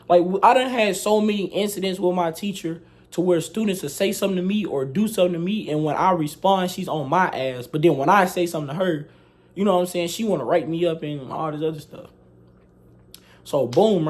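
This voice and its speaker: A young man, casually retelling a school story, animated, slangy and profane. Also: high-pitched. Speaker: vlogger telling a story.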